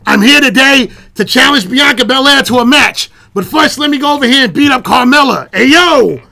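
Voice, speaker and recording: Man doing a put-on Irish accent, cocky woman wrestler, loud and showy, high bright voice. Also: expressive, normal speed, gravelly, full character voice.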